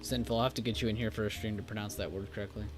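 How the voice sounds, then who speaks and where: A man's voice: lowish voice, fairly even intonation, racing, over music. A man hosting a live stream, chatting casually about trades with frequent fillers and easy laughter. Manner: laid-back, chatty, laughs easily, many fillers. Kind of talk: casual chat while reviewing trades. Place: home studio in Texas.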